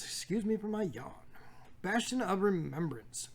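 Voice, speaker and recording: A man's voice: high voice, lively intonation, moderate pace, vocal fry. A man hosting a casual pack-opening video, reading card text aloud with jokey asides and stumbles. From United States. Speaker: card shop host opening packs.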